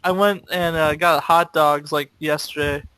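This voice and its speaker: Bright-voiced swearing young man. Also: on the high side, steady tone, measured pace, clear, resonant tone, no room sound, rough recording. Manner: crude, swears a lot, laughs often. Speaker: podcast co-host. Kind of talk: casual chat.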